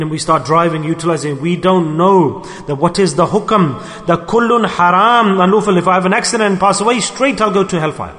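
A man giving a storytelling sermon, animated, acting out dialogue and repeating phrases for emphasis. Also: high-pitched, brisk, few pauses. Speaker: preacher. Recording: long hall reverb.

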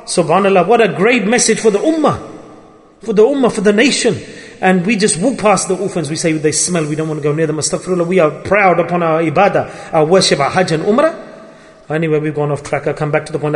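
A man's voice: high-pitched, big-room sound. A man preaching a Sufi sermon with passion, firing rhetorical questions and acting out the speech of the people he quotes.

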